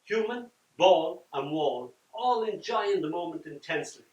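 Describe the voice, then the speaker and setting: An older man reading his poems at a launch, dramatic, swinging from loud lines down to near-whispers. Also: on the high side, lively intonation, unhurried, muffled recording. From Ireland. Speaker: poet. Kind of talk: live poetry reading with chat. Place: event room at a book launch. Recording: roomy echo from far off.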